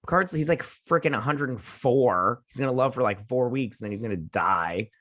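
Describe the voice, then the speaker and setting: A young man hosting a casual episode review, recapping the plot sarcastically and mocking the characters' lines in quick put-on voices. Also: medium pitch, expressive, fairly bright tone. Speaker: show host.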